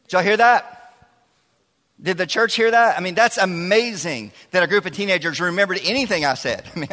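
A man preaching as a youth pastor, his voice bright and forceful and a little high. He keeps it chatty and lively, joking with the crowd. His voice rings out with a long reverb through a large church hall. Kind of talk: sermon.

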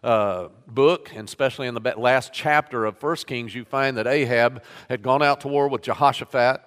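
Male pastor, mid-pitched, sermon reading with emphatic quotes; church hall reverb. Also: moderate pace, fairly bright tone, clean tone. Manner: reads scripture aloud with rising emphasis on quoted lines. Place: church sanctuary.

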